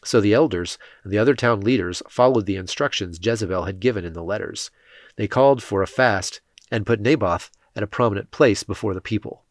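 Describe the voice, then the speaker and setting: A man reading scripture aloud as scripted narration, in a steady, measured way. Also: lowish voice, no echo, clean studio sound. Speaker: scripture reader.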